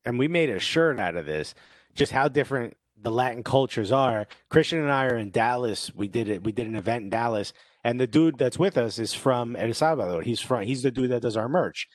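A man's voice: medium pitch, brisk, dry recording. A man of Cuban heritage co-hosting a casual chat, telling stories with lots of "you know" and acted-out quotes. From Cuban-American background. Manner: animated storyteller, acts out quoted voices, many "you know"s. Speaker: podcast co-host.

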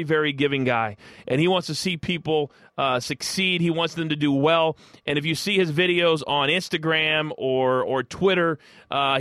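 Guest, man from Kansas City, bright forceful voice, dry studio sound, chatty storyteller. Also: on the high side, no room sound. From Kansas City, United States. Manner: rambling, enthusiastic, many fillers. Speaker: guest, former sports broadcaster. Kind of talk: casual interview storytelling.

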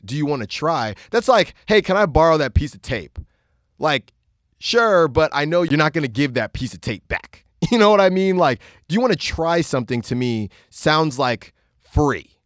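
A man's voice: mid-range voice, no echo, studio quality. A man hosting a podcast, telling a story in a casual monologue and mocking bartenders with impressions. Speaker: podcast host.

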